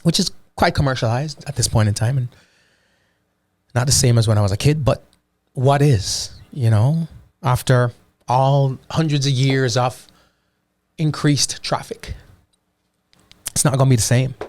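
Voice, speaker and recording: A man's voice: medium pitch, unhurried, pauses often, darkish tone, no room sound. A Jamaican man from Ocho Rios chatting casually about a trip, slipping into patois and repeating "you know what I mean". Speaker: vlogger. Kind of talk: casual travel chat.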